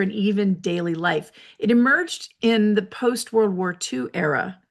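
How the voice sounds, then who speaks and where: A woman hosting a reflective solo talk from her office, explaining ideas in a measured, lecturing way with personal asides. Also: medium pitch. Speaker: host.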